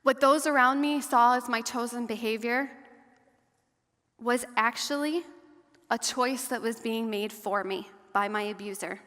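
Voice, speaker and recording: A survivor advocate, appearing as a guest speaker, recounts her personal story to an audience in a large, reverberant hall or church. She sounds earnest and fairly high-pitched, measured in pace, softening and slowing whenever things get hard.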